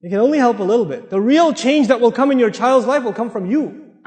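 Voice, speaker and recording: A man's voice: extremely high pitch, animated, fast talker, a little mellow. A man giving a sermon to a live audience, direct and joking, repeating points for emphasis. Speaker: speaker giving a talk. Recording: echoey hall, long reverb.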